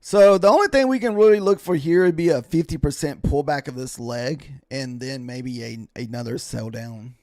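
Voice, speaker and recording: A man's voice: mid-range voice, moderate pace, few pauses, a little mellow, dry recording, studio quality. A tired man chatting casually on a live stream as he trades futures, rambling and thanking followers. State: tired, yawning.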